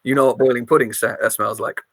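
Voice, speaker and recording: A woman's voice: a bass voice, steady tone, fast, dry recording. A woman running a tabletop game as game master, narrating scenes with playful description and small slips.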